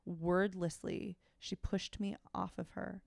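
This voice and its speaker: A woman's voice: lowish voice, little pitch movement, slow pace, gravelly, no room sound, studio quality. A woman podcast co-host reading fiction aloud and breaking off now and then for frank, wry asides.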